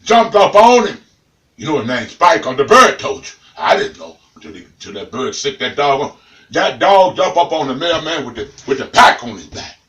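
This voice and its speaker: A man telling a comic tale in an animated, dramatic way, talking straight to the listener. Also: a little high, moderate pace, reverberant, far from the mic, rough recording. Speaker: storyteller.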